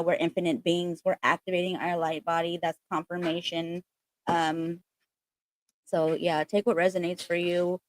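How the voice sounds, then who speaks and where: A woman's voice: lowish voice, no echo. A woman hosting a casual spiritual livestream, chatting in a rambling way full of fillers, recorded on a laptop.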